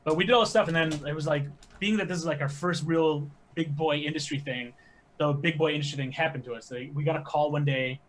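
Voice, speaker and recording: A man, a podcast guest telling animated stories with quick asides. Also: fairly high pitch, a little hiss or hum. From American Midwest. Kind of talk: casual podcast chat.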